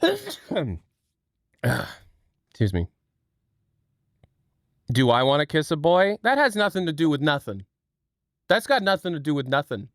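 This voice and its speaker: A man chatting casually on his live stream, thanking viewers and swearing freely. His pitch jumps up and down a lot. The sound is dry and close to the mic. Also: huge pitch swings, unhurried, pauses often, no echo. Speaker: livestream host.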